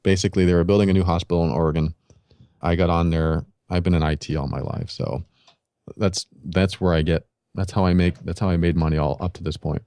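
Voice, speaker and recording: A man's voice: sits low, fairly even intonation, a little fast, dark tone, clear, resonant tone, dry recording. A man guest on a podcast, telling his life story in a casual interview and acting out his own past reactions.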